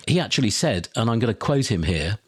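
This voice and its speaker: A man's voice: fairly low pitch, very animated, brisk, slightly rough, no echo, studio quality. A man hosting a podcast, talking through listener questions in an opinionated, conversational way. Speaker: podcast host. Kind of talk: solo podcast talk.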